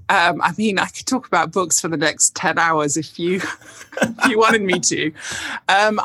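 A woman's voice: on the low side, pushed and bright, no room sound. A woman bookseller as a podcast guest, chatting enthusiastically and laughing often. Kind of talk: casual interview chat.

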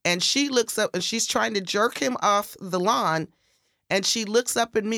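A woman tells a story in casual conversation, throwing her voice high for each quoted line. The sound is close and dry, with no room around it. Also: moderate pace, bright, forceful tone, no echo. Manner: acts out quoted voices with big pitch jumps. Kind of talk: casual chat, animated storytelling.

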